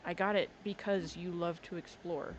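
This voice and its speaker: A woman's voice: lowish voice, steady tone, moderate pace, lo-fi sound. Woman streaming from her desk, playful chatter, coos at her pet, faint hiss in the background. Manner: playful, doting baby talk to her pet. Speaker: game streamer. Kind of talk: casual live-stream chat. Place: home desk indoors. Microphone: desk microphone.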